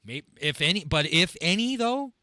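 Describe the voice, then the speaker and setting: A man hosting a podcast about drumming, talking casually and rambling in long, halting sentences. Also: on the high side, very animated, bright, forceful tone, dry recording. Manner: rambling, full of fillers and restarts. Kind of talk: casual interview chat.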